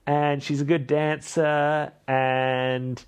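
A man's voice: on the high side, little pitch movement, extremely slow, clean tone, pitched above the performer's own voice. A man voicing a panicky, regretful groom who blurts and pleads in a raised voice. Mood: frantic.

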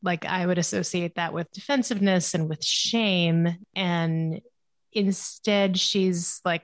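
A woman's voice: lowish voice, fairly even intonation, slow, no echo. A woman in a casual book discussion, reflective and analytical. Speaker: podcast guest.

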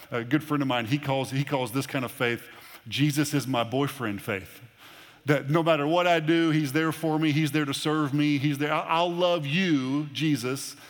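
A man's voice: mid-range voice, fairly bright tone. Man preaching in a reverberant hall. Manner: emphatic preaching, repeats phrases, varied pace. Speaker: pastor. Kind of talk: sermon. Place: church auditorium. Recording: long reverb of a large hall.

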